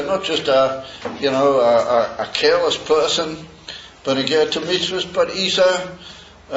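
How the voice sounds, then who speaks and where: A man teaching a Torah class in a halting way, with many pauses and fillers, reading Hebrew verses slowly. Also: fairly high pitch, fairly bright tone, slight background noise. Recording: roomy dull lo-fi recording.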